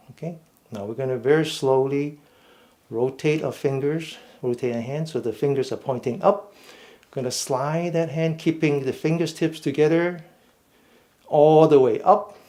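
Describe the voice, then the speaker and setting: Guy teaching a chair exercise class, slow and patient, talks you through each step. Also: on the high side, dark tone. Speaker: fitness and meditation instructor. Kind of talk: guided seated exercise class.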